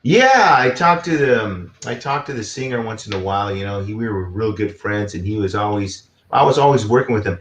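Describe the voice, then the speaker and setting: A man with a fairly low voice chats casually as an interview guest, winding through his thoughts with plenty of fillers. He is heard over a video call from a roomy, echoing space. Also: expressive, a little fast, hardly any pauses, a bit bright. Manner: rambling, with many fillers. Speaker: guest musician.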